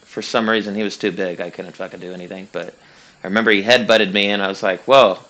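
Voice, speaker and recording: A man's voice: sits low, flat delivery, quick pace, sharp tone. Rambling, foul-mouthed young man. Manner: rambling, profane, laughing, with many fillers. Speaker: streamer. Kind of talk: casual storytelling while gaming.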